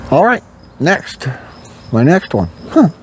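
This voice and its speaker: A man's voice: fairly high pitch, huge pitch swings, slow, slight background noise. An older man telling a candid personal story to his vlog audience, rambling with frequent fillers. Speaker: vlogger. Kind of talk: confessional storytelling to camera.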